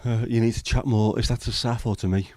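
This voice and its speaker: Briskly and with fairly even intonation, a man of medium pitch and darkish tone rambles and jokes with viewers during a casual livestream. The studio-quality recording has no room sound.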